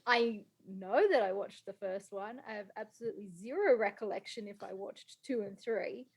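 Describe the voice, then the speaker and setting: A woman's voice: mid-range voice, moderate pace, husky. A woman co-hosting a podcast, dropping wry, laughing asides about films. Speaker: podcast co-host. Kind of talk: casual film-review chat.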